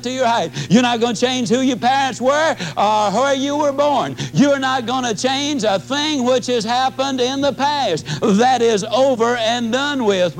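A man's voice: slight background noise, rough recording. A man in his fifties giving a motivational talk, emphatic and folksy, acting out his own reactions. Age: 50s. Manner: emphatic, folksy, swings pitch to act out reactions. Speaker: motivational speaker. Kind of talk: motivational talk with acted-out anecdotes.

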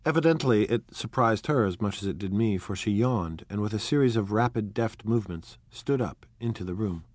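A man reading a novel aloud in a measured, quietly expressive narration. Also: on the low side, no echo. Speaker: audiobook narrator.

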